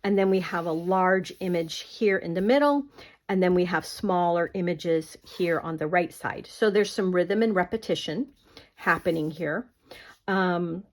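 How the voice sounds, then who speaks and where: A woman's voice: on the low side, a little mellow. A woman teaching an online art class in a casual, conversational way, often checking that the viewer follows. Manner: conversational, explaining with many fillers and checks.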